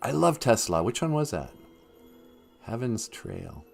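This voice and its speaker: A man hosts a loose, joking livestream and talks to his chat. His pitch swings widely while he takes his time. Faint music plays under him. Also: very animated, a little slow, creaky. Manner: joking, rambling, talks to chat and laughs at own jokes. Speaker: livestream host. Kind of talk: rambling comedic livestream chat.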